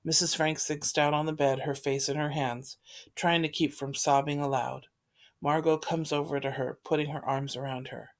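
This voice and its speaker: Brief: woman reader, stage directions, even and measured delivery. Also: deep voice. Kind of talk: reading stage directions of a play.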